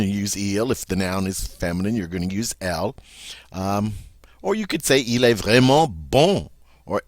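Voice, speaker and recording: Man teacher, lowish lively voice, dry close sound, slow repeats of each word. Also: no room sound. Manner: relaxed, self-correcting. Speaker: French teacher. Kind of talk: vocabulary lesson.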